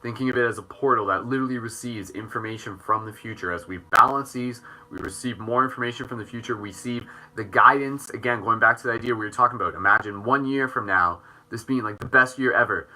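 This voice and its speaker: A man leading a guided chakra meditation as host, gentle and jokey, with playful dad-joke asides. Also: medium pitch, fast, hardly any pauses.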